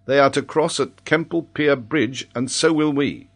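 A man's voice: mid-range voice, measured pace, fairly bright tone, voice pushed up. A man reading aloud, voicing an impetuous nobleman leader who speaks with urgency and exclamations. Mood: urgent.

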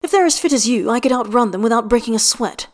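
A woman's voice: a little high, expressive, fast, close to an everyday voice. A woman voicing a teasing male ex-Olympian coach.

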